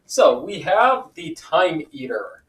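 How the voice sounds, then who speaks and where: A man with a fairly high voice hosts a board game session. He reads rules slowly and tells stories with lively, acted-out quotes. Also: rough recording. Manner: animated storyteller, acts out quoted voices. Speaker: board game player and host. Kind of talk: casual chat, reading game rules.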